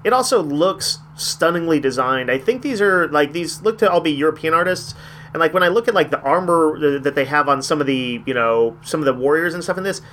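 A man's voice: a little high, lively intonation, brisk, fairly bright tone, a little hiss or hum. A man hosting a comic shop podcast, talking casually and enthusiastically in a rambling, hesitant way. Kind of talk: casual chat reviewing comics.

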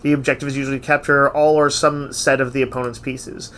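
A man's voice: medium pitch, flat delivery, quick pace, a bit bright, smooth. A man co-hosting a casual podcast, talkative and enthusiastic in a loose, informal way. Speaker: podcast co-host. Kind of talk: casual chat.

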